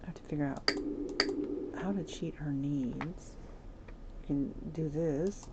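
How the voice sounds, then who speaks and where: A woman streaming a life-sim game, chatty and giggly, talking straight to her viewers, over steady background noise. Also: sits low, slow pace, dull audio. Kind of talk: casual gameplay commentary.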